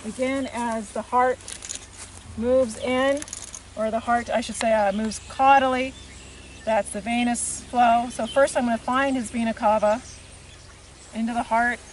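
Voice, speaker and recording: Woman therapist talking thru a horse treatment outside, soft and kinda high voice, faint birds and outdoor noise. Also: fairly even intonation, a little slow. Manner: soft-spoken, murmurs gently to the horse between explanations. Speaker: equine therapist. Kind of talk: hands-on demonstration narration. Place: outdoors with a horse, rural setting.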